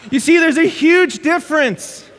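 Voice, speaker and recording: A man preaching a sermon in an auditorium, telling stories in a lively way with frequent restarts. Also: very high-pitched, measured pace, slight background noise. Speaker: pastor. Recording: echoey auditorium with long reverb.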